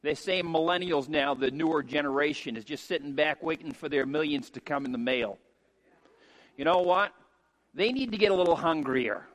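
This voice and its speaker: A middle-aged man preaching a sermon as a pastor, emphatic and rising to shouts on key points. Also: on the high side, normal speed. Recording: long hall reverb.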